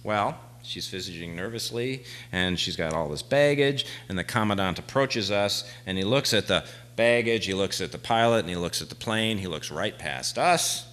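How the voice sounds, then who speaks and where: Brief: male stage storyteller, dramatic swings from quiet to shouting, bright, edgy tone. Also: fairly low pitch, expressive, normal speed, few pauses, poor audio. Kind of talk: live stage monologue. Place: small theater stage.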